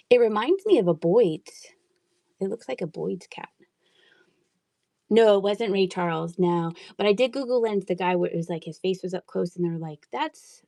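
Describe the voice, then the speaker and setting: Casual live-seller, woman, gravelly fry, chatty and giggly, wanders off on tangents. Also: lowish voice, a little mellow, dry recording. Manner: chatty, giggly, rambling asides. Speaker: online thrift seller. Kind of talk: casual live-stream selling.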